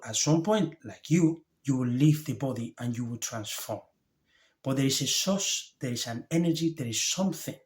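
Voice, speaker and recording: A male life coach talks straight to camera in a reflective motivational monologue, his voice at an ordinary middle pitch. He speaks earnestly and gently, in short halting phrases with pauses between thoughts, openly moved and heartfelt.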